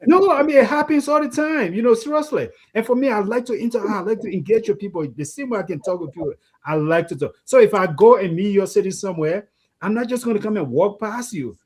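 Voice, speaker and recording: Man, co-host, animated storyteller, pitch jumps around, slightly high voice. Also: fast talker, husky. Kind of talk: casual discussion.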